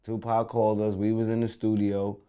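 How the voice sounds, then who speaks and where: A man's voice: lowish voice, completely flat delivery, brisk, smooth, highs cut off. A man being interviewed, recalling past events in loose, slangy speech with many restarts. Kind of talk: casual recollection.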